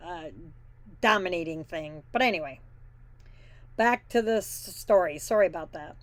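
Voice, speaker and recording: A woman's voice: lowish voice, moderate pace, no room sound. A woman hosting a trucking news show, reading stories and breaking off for blunt, opinionated asides in plain folksy talk. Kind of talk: casual news reading with commentary.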